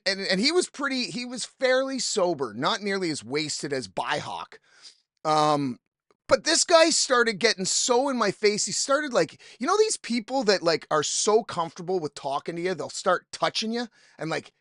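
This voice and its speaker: With big pitch swings in a high, sharp voice, a male podcast host talks at a moderate pace, recorded cleanly in a studio with no room sound. His casual monologue is a rambling, cursing, exasperated story full of quoted lines from people he met.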